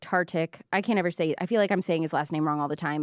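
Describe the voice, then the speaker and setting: A woman's voice: lowish voice, racing, hardly any pauses, smooth, no room sound. Chatty woman, dry close mic. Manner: chatty and sarcastic, many fillers. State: out of breath. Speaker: host. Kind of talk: casual pop culture commentary.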